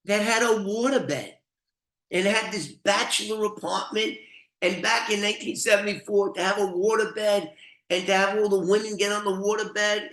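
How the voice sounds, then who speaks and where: A man's voice: sits high, bright, forceful tone. An older man telling a rambling, profane story with frequent laughs. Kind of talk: casual storytelling. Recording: roomy echo.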